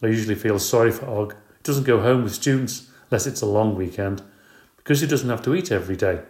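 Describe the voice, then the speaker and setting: A man narrating a children's storybook in the first person at an even, measured pace. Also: fairly low pitch. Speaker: audiobook narrator. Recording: roomy echo.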